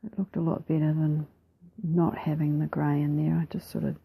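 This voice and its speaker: Soft low-pitched New Zealand woman. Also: normal speed, gravelly, husky, rough recording. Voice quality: soft-spoken, often drops into a whisper. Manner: relaxed, rambling, self-deprecating. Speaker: mixed media artist. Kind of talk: voice-over narrating a time-lapse craft video.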